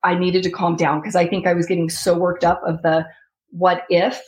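A woman's voice: on the low side, level tone, moderate pace, darkish tone, poor audio. A woman in her thirties telling her personal story as an interview guest, reliving her own past words.

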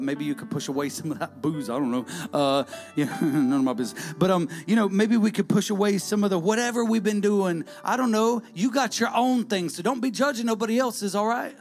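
A man preaching in a high, gravelly voice. He repeats his phrases in call-and-response style, sometimes shouting and sometimes singing his lines. Faint music plays underneath. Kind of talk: sermon.

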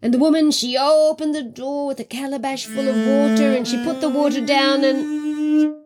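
Woman storyteller, expressive children's folk-tale teller, bright and swooping. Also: high-pitched. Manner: animated, expressive, gasping and laughing. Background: guitar music.

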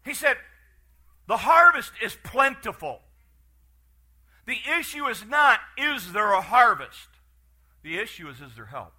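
A man preaching a sermon, animated and storytelling, with frequent restarts and acted-out farm scenes. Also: sits high, measured pace, long pauses.

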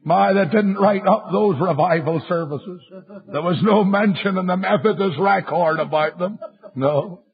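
An older man preaching a fiery revival sermon, telling stories and rising into shouts. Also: sits high, a little slow. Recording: muffled lo-fi sermon recording.

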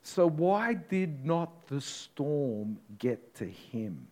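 A man preaching a sermon as a pastor, telling the story dramatically and swinging from loud to hushed. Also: a little high, big pitch swings, extremely slow.

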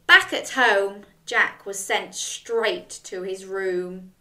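Lively lady reading a kids story, slow and bright, gasps a lot, echoey room, mic a bit far. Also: medium pitch. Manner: animated, gasping, invites children to join in. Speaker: storyteller for children. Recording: roomy, from a distance.

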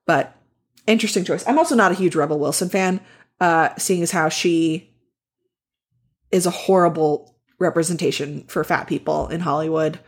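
A woman's voice: on the low side, moderate pace. A woman co-hosting a book podcast in casual chat, chatty and frank, with lots of fillers. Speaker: podcast co-host.

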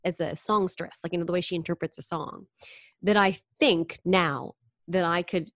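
A woman singer and impressionist, telling stories in an animated, chatty way during an interview. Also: fairly low pitch, moderate pace, dry recording, clean studio sound. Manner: animated, chatty storyteller who briefly slips into singing impressions. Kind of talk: interview conversation.

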